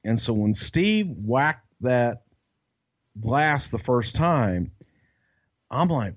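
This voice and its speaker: A man's voice: mid-range voice, sing-song, takes it slowly, husky, muffled recording. A man co-hosting a podcast, telling a backstage story in a rambling, profane way with lots of restarts. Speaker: podcast co-host. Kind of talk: casual storytelling chat.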